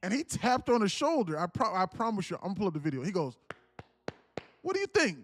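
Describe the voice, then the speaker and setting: A man's voice: high voice, sing-song, quick pace, a little hiss or hum. A man hosting a casual livestream, telling a story in a rambling, repetitive way and laughing as he goes. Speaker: livestream trading host.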